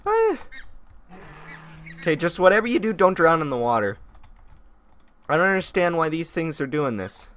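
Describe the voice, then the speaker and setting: A young man giving excitable let's-play commentary on a modded game, talking to the animals on screen. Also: on the high side, brisk, no echo. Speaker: gaming youtuber.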